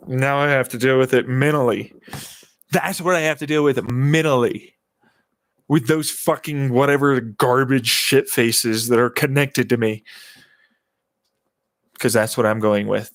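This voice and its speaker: A man talks straight into the camera in a loose, unscripted vlog monologue. He sounds agitated and profane, often repeating himself and looping back to the same complaints. His voice sits at a middle pitch, and the recording sounds dry, with no room echo. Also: steady tone, a little slow, long pauses, fairly bright tone. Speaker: vlogger. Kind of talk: rambling personal monologue.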